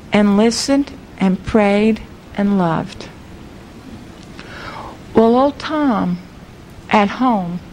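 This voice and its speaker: A woman preacher telling a story in a sermon, earnest and emphatic, slowing down on the key words. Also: fairly high pitch, a little mellow, a little hiss or hum, poor audio.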